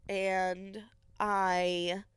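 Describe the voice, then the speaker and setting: A woman's voice: medium pitch, little pitch movement, very slow, smooth, no room sound. A young woman hosting a podcast, earnestly retelling a hard personal story with many quoted asides. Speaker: podcast host.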